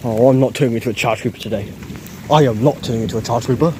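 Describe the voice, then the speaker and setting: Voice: medium pitch, racing, background noise, natural voice. A performer voicing a grumpy cartoon monster who keeps defiantly insisting on the same thing. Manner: insistent, defiant, repeating itself. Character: stubborn grumpy green monster.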